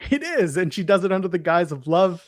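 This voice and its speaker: On a casual wrestling podcast, a male co-host runs through lists with snarky, opinionated takes. His voice is high and sing-song, a little fast, captured in clean studio sound with no room echo.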